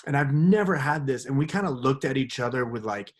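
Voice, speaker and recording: A man's voice: mid-range voice, a little fast. Guy cohosting a podcast, chatty and rambling, acts out what people said, normal middle voice. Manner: rambling, animated storyteller acting out quotes. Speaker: podcast co-host. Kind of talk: casual storytelling chat.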